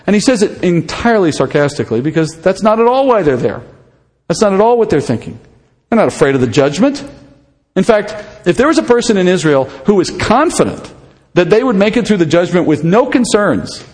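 A man with a fairly high voice preaches a verse-by-verse sermon in an easy, conversational way, often turning questions back to the people listening. His words ring out with a long reverb from a large hall. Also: lively intonation, fairly quick, a little mellow. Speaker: pastor. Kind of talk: expository sermon.

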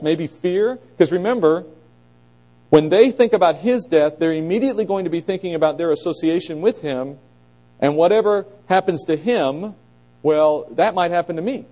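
Mellow-voiced man teaching a Bible lesson. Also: a little high, low-quality recording. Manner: asks the listeners questions, animated emphasis.

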